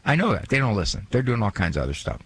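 Gravelly radio host, lively and joking. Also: male voice, lowish voice, rapid-fire, slight background noise. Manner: joking, self-mocking, acts out quoted asides. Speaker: radio talk show host. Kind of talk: casual radio monologue.

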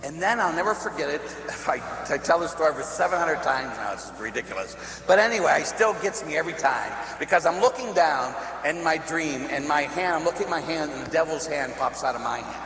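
A middle-aged man from Pittsburgh, a Catholic priest, telling funny personal stories in a sermon, animated and laughing as he acts out the voices. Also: fairly high pitch, a little fast. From Pittsburgh, USA. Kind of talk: humorous storytelling sermon. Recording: echoey hall with faint hum.

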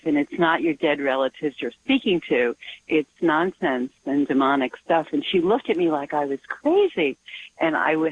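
A woman calls in to a radio show over a dull, muffled phone line with faint noise behind her. She speaks earnestly and with concern, circling back and restarting her sentences as she goes. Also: lowish voice. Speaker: caller. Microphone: telephone.

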